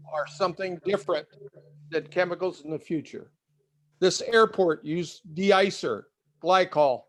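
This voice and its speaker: An older man giving an indignant, emotional public comment over a video call, halting and repeating himself. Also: fairly high pitch.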